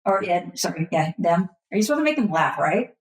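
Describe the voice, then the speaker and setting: A woman's voice: lowish voice, sing-song, fairly quick. A woman playing a tabletop game in a playful, giggly way. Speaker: player. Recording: roomy echo.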